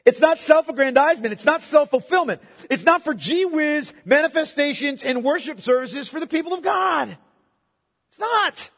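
A man preaching a sermon with emphatic delivery. He repeats key words and moves between loud proclamation and quiet, intimate asides. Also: very high-pitched, expressive, moderate pace. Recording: long hall reverb.

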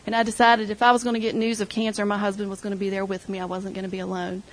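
A middle-aged woman gives an emotional personal testimony to her church group, retelling conversations and quoting others as her story unfolds. Her medium-pitched voice is monotone and very fast, and the recording quality is low.

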